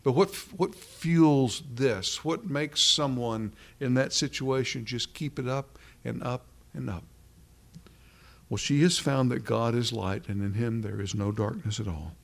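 A man preaching an earnest sermon to a small evening gathering, with measured, drawn-out emphasis and a closing prayer. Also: medium pitch, creaky.

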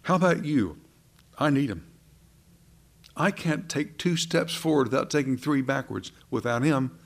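A man's voice: medium pitch, expressive, measured pace, vocal fry. Earnest man preaching a sermon. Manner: earnest, preaching with swings between soft and emphatic; conversational, asks the congregation questions.

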